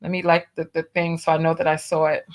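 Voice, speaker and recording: A woman's voice: low voice, little pitch movement, fast talker, soft background music. A woman hosting a live stream in a casual chat, reading comments aloud in a drawling, exclamatory way. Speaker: host.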